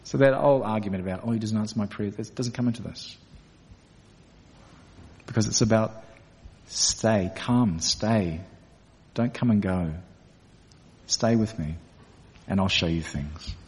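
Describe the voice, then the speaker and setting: A man's voice: on the low side, takes it slowly, long pauses, darkish tone. A man preaching a sermon in a church, earnest and direct with his congregation. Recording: echoey church hall.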